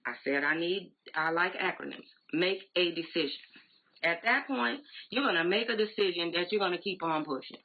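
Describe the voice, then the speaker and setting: Brief: emphatic, conversational woman, 40s, on a tinny live stream, a bit husky. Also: on the low side, normal speed. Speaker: direct sales team leader. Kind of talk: motivational live-stream talk. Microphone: phone or laptop live stream. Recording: tinny phone-like audio.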